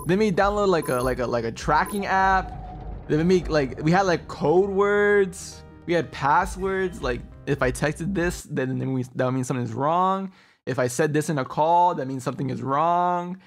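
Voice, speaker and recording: A man's voice: a little high, normal speed, soft background music. A man streaming a game and chatting casually, telling stories animatedly, laughing often and calling people bro. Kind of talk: casual gaming stream chat.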